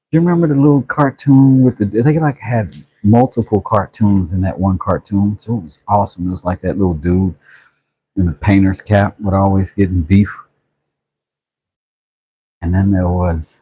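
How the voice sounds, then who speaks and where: Laid-back male streamer, low mellow voice, unhurried chat with viewers. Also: breathy edge, lo-fi sound. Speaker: livestream host. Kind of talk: casual livestream chat.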